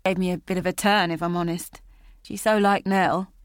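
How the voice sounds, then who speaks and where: A woman's voice: lowish voice, steady tone, moderate pace, smooth, dry recording, studio quality, lightly acted. A woman voicing a sneering crude man. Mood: dismissive. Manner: mocking, leering. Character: crude sneering middle-aged northern man.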